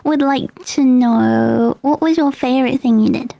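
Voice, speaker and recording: High-pitched british girl chatting on stream, giggly, lots of ums. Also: normal speed, gravelly, dark tone, no echo. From United Kingdom. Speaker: streamer host. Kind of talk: casual chat.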